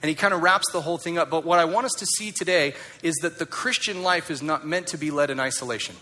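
A male pastor preaches a sermon in a fairly high voice, talking fast. He is emphatic yet conversational, putting rhetorical questions to the congregation and going soft on key lines.

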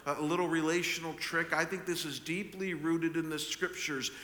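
A man's voice: fairly high pitch, steady tone, normal speed, sharp tone, a little hiss or hum. An older man pastor preaching a sermon, telling a story with many restarts and repeated words. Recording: echoey hall with long reverb.

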